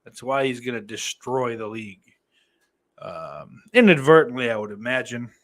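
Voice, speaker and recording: Male podcast host, mid-pitched, casual live-stream banter, sardonic and foul-mouthed, teasing mock threats. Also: normal speed, a bit bright.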